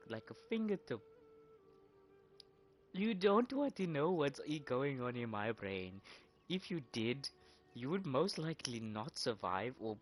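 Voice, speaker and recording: A woman streamer rants over a game in a low voice with big, lively swings in pitch. She talks unhurriedly, swearing and joking in mock outrage, often stumbling over repeated words. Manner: profane, joking, mock-indignant. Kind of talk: casual gaming commentary.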